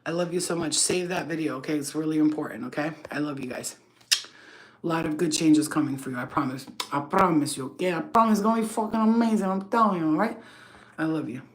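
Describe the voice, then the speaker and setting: Loud, animated New woman storyteller. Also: low-pitched, brisk. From New York. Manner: loud, animated, swearing, laughs often. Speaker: channel host. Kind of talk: casual livestream storytelling.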